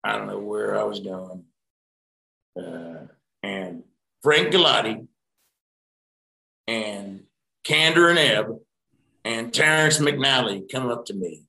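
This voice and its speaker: A middle-aged actor telling rambling, profane anecdotes in a casual interview. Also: male voice, on the low side, slow pace, gravelly, long pauses, bright, forceful tone, echoey room, rough recording.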